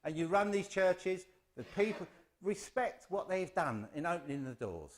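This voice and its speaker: A man's voice: high-pitched, expressive, normal speed. An English man giving a chatty, self-deprecating, humorous address at a spiritualist service. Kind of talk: informal humorous address to a congregation.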